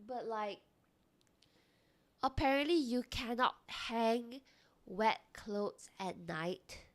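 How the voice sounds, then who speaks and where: A young woman streamer chatting casually with her viewers, reacting loudly and animatedly to chat comments. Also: mid-range voice.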